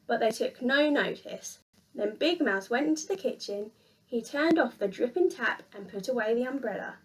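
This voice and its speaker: A woman reading a children's picture book aloud in an expressive, sing-song storyteller manner. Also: high-pitched, moderate pace, far from the mic.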